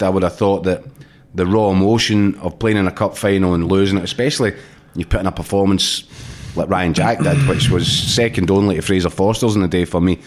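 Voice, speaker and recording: A man hosting a football discussion, asking probing questions in a measured way. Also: deep voice. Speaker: show host. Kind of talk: radio-style football discussion.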